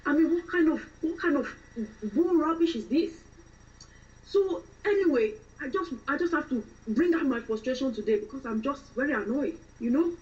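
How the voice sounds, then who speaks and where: A pious, exasperated Nigerian woman in London who rants and calls on God, as a woman puts her on. She talks with a Nigerian accent, a little quieter than usual. The sound is dull and slightly distant. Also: sits high, animated, normal speed, pitched above the performer's own voice. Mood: annoyed. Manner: preachy, exasperated ranting.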